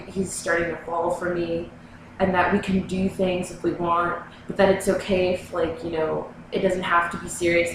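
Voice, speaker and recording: A woman's voice: fairly low pitch, noisy background. A young woman vlogging, telling a personal story in a rambling, casual way full of "like" and "you know.". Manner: rambling, filler-heavy, lots of "like". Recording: very echoey room, mic far away.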